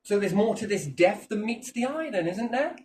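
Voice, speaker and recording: A man talks loosely and excitedly, hopping from one idea to the next and swearing freely. His voice swings up and down a lot. He sits somewhat back from the microphone, with a faint hum of noise behind him. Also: high-pitched, normal speed, far from the mic. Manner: animated, jumps between topics, swears freely. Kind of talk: rambling casual chat.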